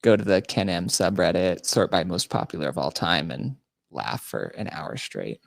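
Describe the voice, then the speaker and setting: A man's voice: low voice, very animated, moderate pace, gravelly, dry recording, clean studio sound. A man hosting a podcast in casual chat, telling crude, mocking stories and laughing often. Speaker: podcast host.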